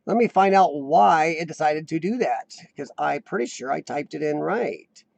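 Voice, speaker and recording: A man's voice: on the high side, expressive, moderate pace, gravelly, a little mellow, no echo, dull audio. Chatty American man hosting a stream. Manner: chatty, rambling, reads chat aloud. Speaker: live stream host. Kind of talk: casual live chat.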